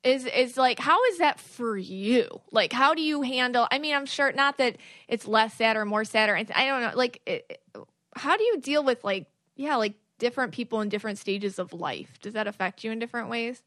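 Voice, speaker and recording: A woman's voice: on the high side, fairly quick, fairly bright tone, no echo, studio quality. A woman hosting a podcast, asking questions in a rambling way while searching for words. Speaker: podcast host. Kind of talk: casual podcast conversation.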